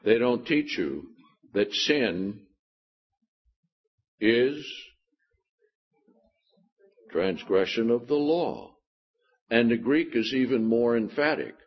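A man preaches slowly in a husky voice, leaning on emphatic points and sarcastic rhetorical questions. His Bible teaching comes through a dull, lo-fi recording. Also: mid-range voice, expressive.

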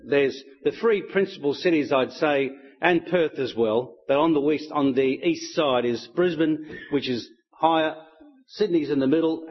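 A man telling stories to an audience in a relaxed, chatty way. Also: fairly high pitch, muffled recording. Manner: relaxed, chatty, with light laughs. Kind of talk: storytelling talk to an audience.

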